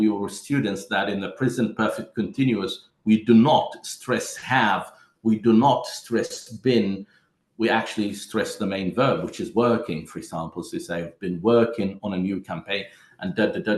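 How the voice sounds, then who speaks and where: A man with a fairly low voice presents teaching methods at an online conference. He walks through each step and calls his listeners friends. His voice rings in an echoey room. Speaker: teacher trainer.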